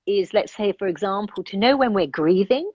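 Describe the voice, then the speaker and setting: A woman's voice: mid-range voice, animated, moderate pace, a little mellow, breathy edge, no echo, dull audio. A woman life coach speaking as a guest in an interview, earnest and reflective, thinking aloud and checking that the listener follows her.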